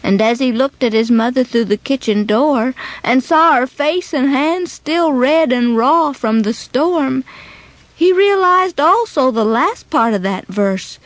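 Woman storyteller, high expressive voice, slow and dramatic, dry close sound. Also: no echo. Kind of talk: scripted children's story narration.

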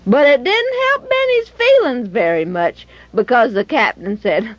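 A woman narrating a children's story in a lively, expressive way. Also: fairly high pitch, measured pace, no room sound. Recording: dull, dry lo-fi recording.

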